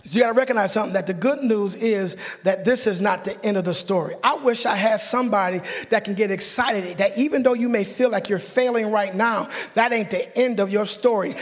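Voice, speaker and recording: High-voiced, fervent preaching man. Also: a little fast, few pauses. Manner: fervent, breaks into excited yelling, jokes with the congregation. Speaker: pastor. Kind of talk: sermon. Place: church sanctuary. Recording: long church hall reverb.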